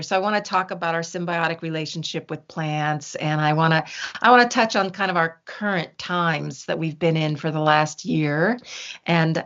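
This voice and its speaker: A woman's voice: deep voice, fairly bright tone. An older woman, a guest herbalist, chatting in an interview, telling stories with many restarts. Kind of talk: casual interview chat. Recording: dull lo-fi sound.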